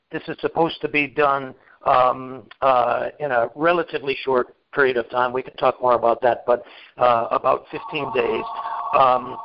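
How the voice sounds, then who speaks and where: A man's voice: a little high, smooth, highs cut off. A man explaining regulatory matters carefully in casual chat, with many fillers and restarts. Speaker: regulatory expert host.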